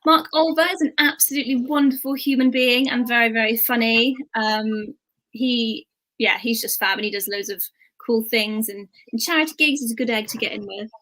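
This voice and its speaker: A woman with a Bristolian accent talks as a guest on a casual chat show, laughing easily and dropping slang. Her voice sits somewhat high. She comes through a video call. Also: steady tone, moderate pace, a bit bright. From England. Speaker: guest comedian.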